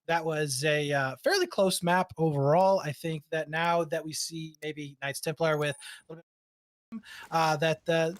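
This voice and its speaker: A man's voice: fairly high pitch, no echo. A young man giving esports color commentary, rambling analysis with lots of filler words. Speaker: esports co-caster.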